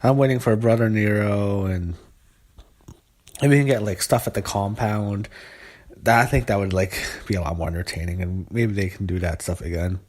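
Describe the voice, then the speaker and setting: A young man with a lowish voice talks through a wrestling show in a loose, rambling way. He leans on fillers and blunt, profane opinions, like a fan reviewing at home. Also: fairly even intonation, normal speed, darkish tone, breathy edge. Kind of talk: casual spoken recap.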